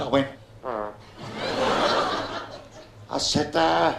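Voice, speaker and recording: A brash Cockney stand-up comedian in his fifties from London performs a crude live routine on a large theatre stage, heckling the crowd and landing crude punchlines. His fairly high voice swings widely in pitch, moves extremely slowly and has vocal fry. The 1990s live video has an echoey hall sound, noisy background and loud audience laughter.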